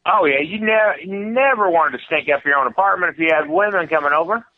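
Fast-talking man on a tinny phone line. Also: a little high. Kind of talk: casual chat.

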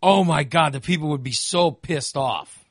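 Male podcast host, casual and foul-mouthed, gets worked up fast; slightly high voice, dry close sound. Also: no room sound. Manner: animated, profane ranting.

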